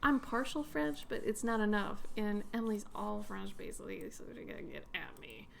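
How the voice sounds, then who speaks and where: A woman's voice: medium pitch, lively intonation, moderate pace, creaky, a little hiss or hum. A young adult woman streaming her art, chatting casually in a playful, rambling way while she draws. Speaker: artist streamer. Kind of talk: casual chat while drawing.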